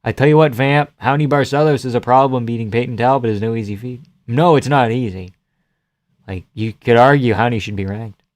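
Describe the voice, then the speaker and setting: A young man from the Boston area talks loosely on his live stream, answering comments with crude, joking asides and frequent swearing. His voice sits at an ordinary middle pitch. The sound is dry, with no room echo. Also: brisk. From Boston area, USA. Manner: joking, profane, laughs often. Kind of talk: casual live-stream chat, reading comments aloud.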